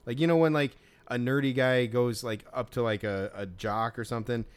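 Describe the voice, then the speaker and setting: A man's voice: mid-range voice, steady tone, moderate pace, clean tone. A man in casual chat, rambling with lots of fillers and restarts. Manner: rambling, filler-heavy, mimics others' voices.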